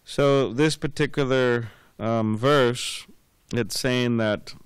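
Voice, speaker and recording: A man's voice: medium pitch, fairly even intonation, slow pace, smooth, no echo. A man giving a scripture class, rambling and repeating words with many fillers, telling anecdotes. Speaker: class speaker.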